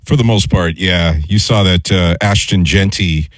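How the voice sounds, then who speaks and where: A man's voice: low voice, unhurried, a bit bright, dry recording. A man chiming in on a sports radio show in a laid-back, dry way from the studio. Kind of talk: casual sports radio banter.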